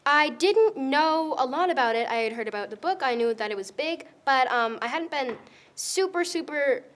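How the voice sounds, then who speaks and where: A young girl in her early teens, an actress being interviewed, telling stories in a giggly, excitable way. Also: high voice. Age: young teen. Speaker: actress guest. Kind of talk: casual interview chat.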